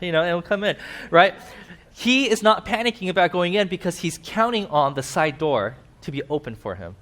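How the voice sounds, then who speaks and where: Male pastor, fairly high voice, preaching a sermon, animated, playing out the quoted characters. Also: fairly quick. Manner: animated, acts out quoted characters with sudden pitch jumps. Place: church.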